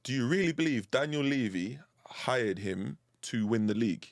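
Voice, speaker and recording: A man talks football on a casual podcast, animated and quick to laugh as he argues a point. His voice sits at an ordinary pitch. The sound is dry and close. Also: dry recording. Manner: animated, laughing, playful arguing.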